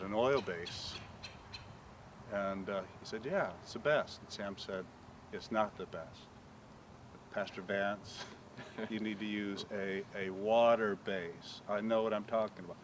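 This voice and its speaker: Pastor guy, kinda low voice, tells a story outside and acts out the dialogue, faint background noise. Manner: animated storyteller acting out quoted dialogue. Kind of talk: telling a personal story. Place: outdoors on a paved property.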